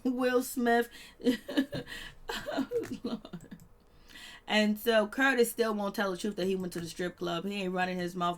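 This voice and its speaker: A woman with talks through a reality TV episode in a loose, chatty way. She laughs a lot and slips into lively voices when quoting people. Her voice sits in a middle pitch. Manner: chatty, laughing, acts out quotes in animated voices. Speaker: reality TV recap host. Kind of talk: casual recap commentary.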